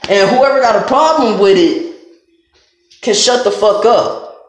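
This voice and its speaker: High-voiced man ranting in an echoey room. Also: lively intonation, measured pace, faint music behind. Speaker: vlogger. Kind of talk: heated profane rant to camera.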